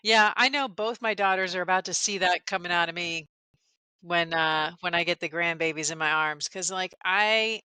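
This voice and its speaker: A woman's voice: fairly low pitch, normal speed, sharp tone, smooth, no echo. A middle-aged woman co-hosting a podcast, talking candidly in casual chat with stammering restarts. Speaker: podcast co-host.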